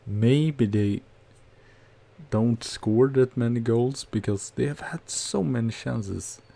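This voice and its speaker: Male streamer, unhurried gravelly delivery, nervous play-by-play of a football game. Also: mid-range voice. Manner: nervous, excitable play-by-play with outbursts. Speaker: gaming streamer. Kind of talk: casual game commentary.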